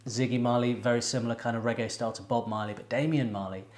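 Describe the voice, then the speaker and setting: A man's voice: medium pitch, fairly even intonation, darkish tone, echoey room. A man hosting a music reaction video, talking casually with frequent laughs, ums and restarts. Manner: chatty, laughs often, halting with ums and restarts.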